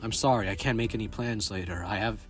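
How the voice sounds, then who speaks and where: A man's voice: fairly low pitch, fast talker, faint music behind, lightly acted. A man voicing a polite young male artist who speaks apologetically and hesitantly. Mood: apologetic.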